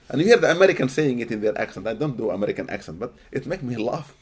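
A man from Sudan, giving an animated, expressive religious lecture to a live audience in a hall and often laughing. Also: mid-range voice, brisk, husky. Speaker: Islamic teacher.

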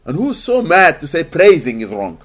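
A man from Sudan, giving an animated, expressive religious lecture to a live audience in a hall and often laughing. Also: fairly high pitch, normal speed. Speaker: Islamic teacher.

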